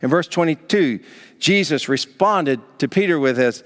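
A man preaching a sermon as pastor, emphatic and animated, acting out parents scolding their children. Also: a little high, moderate pace, in a large hall. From Southern United States.

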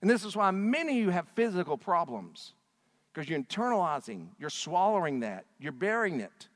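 A man preaches with fervent, animated delivery, his voice sitting fairly high and swooping widely in pitch. He moves between loud appeals and hushed, intimate passages. The sound carries a long hall reverb. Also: moderate pace. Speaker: pastor. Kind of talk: sermon.

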